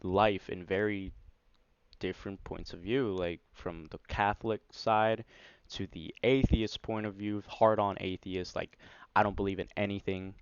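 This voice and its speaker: A man telling a personal story on his vlog in a casual, rambling way, full of "like" and "you know", excited as he recounts it. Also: fairly low pitch, unhurried, clear, resonant tone, no room sound. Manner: excited, animated retelling. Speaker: vlogger. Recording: dry, slightly dull lo-fi recording.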